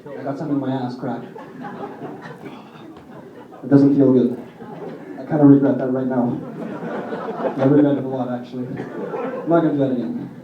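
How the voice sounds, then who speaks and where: A man's voice: medium pitch, little pitch movement, normal speed, pauses often, crowd noise, background noise. A young man doing a stand-up set, telling crude rambling stories, recorded from far off in a small venue. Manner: crude, rambling storytelling with audience laughs. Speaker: stand-up comic. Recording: distant roomy lo-fi club recording. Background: audience laughter.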